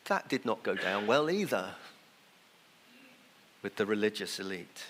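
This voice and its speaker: With a low-ish, very animated voice at a measured pace, a pastor preaches conversationally in church, sometimes acting out the people he quotes. There's long church reverb and a noisy background.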